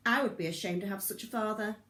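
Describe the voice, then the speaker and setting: A woman's voice: lowish voice, fairly quick, a little mellow, roomy sound, natural voice. Woman voicing a scarred leader of outcasts, commanding, scornful, raised voice, audiobook reading.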